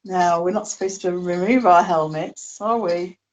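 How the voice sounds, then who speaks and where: A woman's voice: on the low side, moderate pace, lo-fi sound. A woman playing a tabletop role-playing game, answering in a cautious, matter-of-fact way. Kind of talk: casual in-character play.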